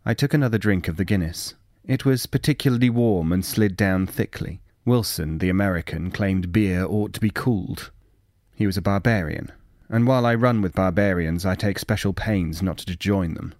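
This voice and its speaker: Male audiobook narrator, lowish voice, measured and wry, dry close sound. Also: darkish tone, dry recording. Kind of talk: dramatic story reading.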